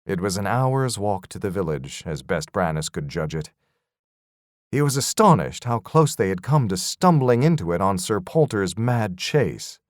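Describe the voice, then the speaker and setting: In an expressive storytelling style, a man narrates a fantasy audiobook at a moderate pace. His voice sits on the low side, and the recording is clean studio audio with no room sound.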